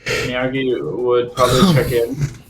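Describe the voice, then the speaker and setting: A man's voice: medium pitch, level tone, a little slow, a little hiss or hum. Laid-back male player, roomy lo-fi audio. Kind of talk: casual tabletop game play.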